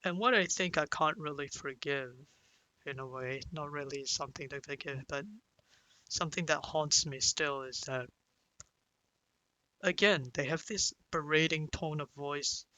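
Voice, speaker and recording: A young man recounting a painful personal story, speaking hesitantly with many restarts and pauses. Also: fairly high pitch, sharp tone, low-quality recording. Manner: hesitant, full of restarts and "you know"; sighs and breaks down into whispers at emotional moments. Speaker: vlogger.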